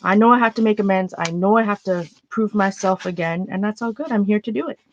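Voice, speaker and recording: A woman's voice: medium pitch, fast talker, muffled recording, a little hiss or hum. A Canadian woman chatting casually on a livestream while making art, rambling and often restarting her sentences.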